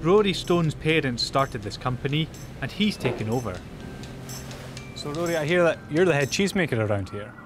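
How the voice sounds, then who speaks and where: A man's voice: fairly high pitch, expressive, normal speed. A young man presenting a Gaelic learning show, cracking puns in a playful, upbeat manner. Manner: punning, jokey, upbeat. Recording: music bed behind voice.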